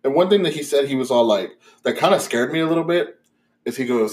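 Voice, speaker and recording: A man's voice: mid-range voice, fast talker. Young man telling a story, rambling. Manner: animated, profane, rambling with many fillers. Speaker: podcast host. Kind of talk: casual storytelling chat.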